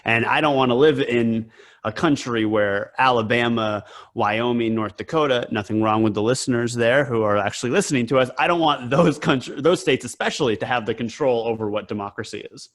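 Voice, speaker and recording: A man's voice: medium pitch, brisk. A man co-hosting a political podcast, talking casually and hesitantly with frequent repeats. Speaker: podcast co-host.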